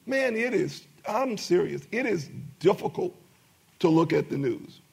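A man's voice: high-pitched, sing-song, a little slow, vocal fry, slightly rough. A middle-aged man preaching a sermon as pastor, with emphatic rising bursts and many repetitions.

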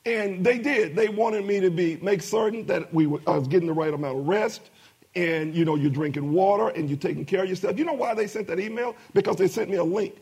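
Man, pastor, sermon, husky voice, emphatic swells, repeats himself. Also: high voice, fairly quick, a little mellow. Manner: preaching with rising emphatic bursts and repetitions.

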